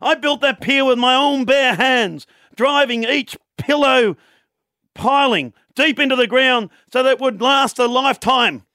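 A man voicing a boastful old Irishman who built a bar, in a put-on Irish accent, slow and emphatic. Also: very high-pitched, no echo, studio quality, voice pushed up, heavily acted. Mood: boastful, aggrieved. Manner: slow, emphatic, rising to shouts.

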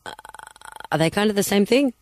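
A woman's voice: mid-range voice, expressive, a little fast, darkish tone, slight background noise. A woman co-hosting breakfast radio, giggly and a little nervous, bantering with her co-host. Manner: giggly, a bit nervous and self-mocking.

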